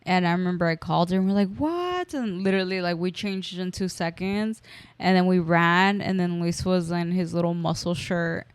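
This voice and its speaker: A woman's voice: fairly low pitch, little pitch movement, a little fast, clear, resonant tone, no room sound. A young woman co-hosting a casual podcast, chiming in and telling her side of the story. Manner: chiming in with short agreements. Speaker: podcast co-host. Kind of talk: casual chat.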